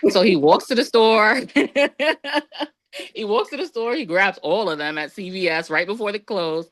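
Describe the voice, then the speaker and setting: A woman guest on a podcast, telling a personal story in a casual, lively way and acting out what others said. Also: normal speed, dry recording. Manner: lively, acts out quoted voices with big pitch jumps.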